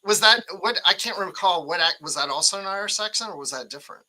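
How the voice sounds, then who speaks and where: Bright-voiced, rambling man in chat. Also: high voice, lively intonation, poor audio. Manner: rambling, halting and self-correcting. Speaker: panelist on a fan discussion show. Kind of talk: casual panel chat.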